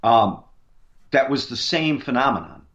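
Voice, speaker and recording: A man's voice: mid-range voice, animated, measured pace, a bit bright. A man, a paranormal investigator, tells a long story in a rambling way, with many fillers and restarts. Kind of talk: casual storytelling on a radio interview.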